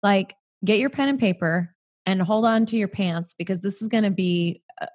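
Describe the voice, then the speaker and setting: An American woman hosting a podcast, enthusiastic and gushing, with quick asides. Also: medium pitch, a little mellow. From United States. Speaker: podcast host. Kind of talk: podcast intro and interview.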